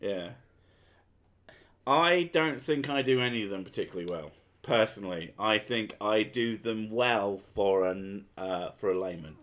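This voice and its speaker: A man's voice: fairly low pitch, unhurried, fairly bright tone. A man with a Home Counties English accent chatting casually and sarcastically as a podcast host, swearing freely. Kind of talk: casual chat.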